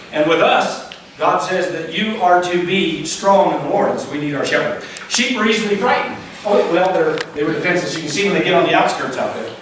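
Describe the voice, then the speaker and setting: A man's voice: sits high, background noise. A male pastor preaching a folksy, joking sermon and now and then imitating bleating sheep. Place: church sanctuary. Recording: very echoey hall, distant mic.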